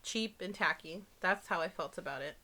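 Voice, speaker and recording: A woman's voice: lowish voice, moderate pace, bright, forceful tone. A woman co-hosting a review podcast in casual chat, blunt and emphatic, full of fillers. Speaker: podcast co-host.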